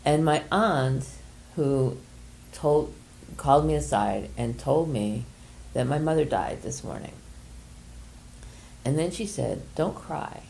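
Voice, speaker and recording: An older woman leading a workshop group, speaking gently and hesitantly with many pauses as she explains an exercise and shares a personal story. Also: rumbling low, animated, creaky, a little hiss or hum. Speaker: workshop leader.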